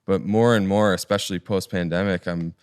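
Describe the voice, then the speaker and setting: A man's voice: low voice, steady tone, fairly quick, a little mellow, clear, resonant tone, dry recording, clean studio sound. A man, a musician and mix engineer, talking in a casual podcast conversation in an encouraging, thoughtful way.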